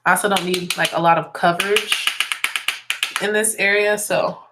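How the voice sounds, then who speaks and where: A woman's voice: lowish voice, steady tone, normal speed, noisy background. A young woman with a slightly congested voice, chatting casually through a makeup tutorial and explaining each step as she works. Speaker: music teacher and beauty vlogger.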